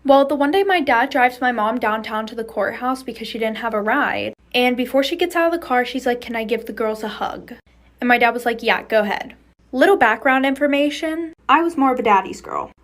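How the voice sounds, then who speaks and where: Blunt high-voiced young woman telling stories. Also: fairly quick, few pauses. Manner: candid, blunt, swears freely. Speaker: storyteller. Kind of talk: casual story-time monologue.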